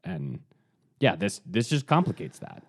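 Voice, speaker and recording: Deep-voiced man in casual podcast chat. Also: very animated, husky. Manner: halting, restarts, wry asides. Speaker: podcast co-host.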